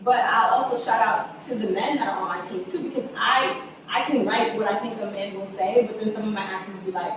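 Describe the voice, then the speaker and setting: Animated woman telling stories, echoey room. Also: mid-range voice, brisk. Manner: animated storyteller, acts out quotes, laughs often. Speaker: guest, writer and director. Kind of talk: casual interview chat. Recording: echoey room, distant mic, background noise.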